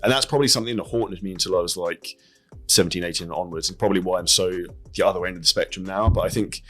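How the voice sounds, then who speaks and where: An English fitness coach speaking as a podcast guest, direct and quick, with frequent "like" and the odd swear word. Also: male voice, low-pitched, fairly bright tone, faint music behind. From England. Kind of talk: casual interview chat.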